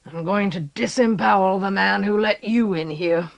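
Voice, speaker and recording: Woman reader doing a snarling, vicious old castellan, rasping voice, bitter and foul-mouthed for a storybook. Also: mid-range voice, normal speed, lightly acted. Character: filthy, grieving, vicious older male castellan.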